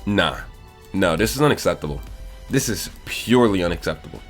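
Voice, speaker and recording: A man's voice: low-pitched, expressive, brisk, soft background music. A young man giving casual gaming commentary, blunt and exasperated as he reviews an account and swears often.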